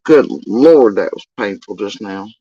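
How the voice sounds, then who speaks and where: A man's voice: fairly low pitch, animated, unhurried, dark tone, slightly rough, dry recording, dull audio. A man ranting on a livestream in an exasperated, profane, rambling way. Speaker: livestream commentator.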